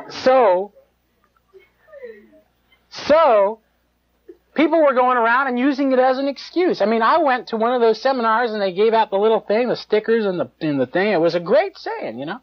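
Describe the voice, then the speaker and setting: A man giving a live sermon in a conversational, animated way, with mocking asides and chuckles. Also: very high voice, moderate pace, pauses often. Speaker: preacher. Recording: dull lo-fi live tape.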